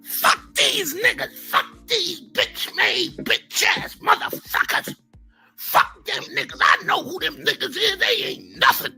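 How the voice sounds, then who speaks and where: A woman voicing a foul-mouthed, furious male hothead who rants and shouts profanity. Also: extremely high pitch, lively intonation, measured pace, creaky, faint music behind, exaggerated voice.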